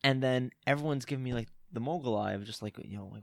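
A young man telling an animated, laughing story in casual chat among friends. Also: medium pitch, quick pace, creaky, no echo, clean studio sound.

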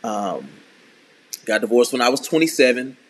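A man in his thirties telling a candid personal story in an earnest, halting way, often restarting his sentences. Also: mid-range voice, lively intonation, a little hiss or hum. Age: 30s. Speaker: speaker sharing a personal testimony.

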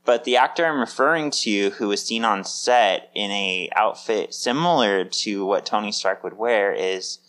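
A man with a fairly low voice co-hosts a podcast, chatting casually. He talks in an upbeat, rambling way with plenty of filler words. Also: a little slow, hardly any pauses, fairly bright tone. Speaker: podcast co-host. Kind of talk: casual chat.

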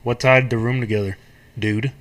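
A man reading the part of a clueless bowling buddy with a flat, puzzled delivery. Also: mid-range voice, moderate pace, close to an everyday voice. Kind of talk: casual read-through of a film scene.

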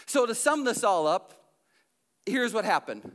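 A high-pitched man with a bright, forceful tone preaches a sermon in a church. His delivery swings between loud emphasis and hushed, slowed passages. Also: big pitch swings. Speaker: pastor.

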